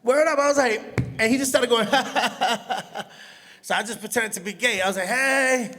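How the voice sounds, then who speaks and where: A stand-up comedian, telling animated stories and laughing at his own jokes. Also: very high-pitched, fast. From Brooklyn, New York. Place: comedy stage in a hall. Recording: long hall reverb from a live venue.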